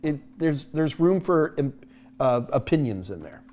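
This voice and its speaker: A man's voice: on the high side, sing-song, measured pace, a little mellow. Jokey man rambling through viewer questions. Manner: jokey, rambling, with many restarts. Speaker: host answering viewer tech questions. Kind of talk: casual live-stream Q&A.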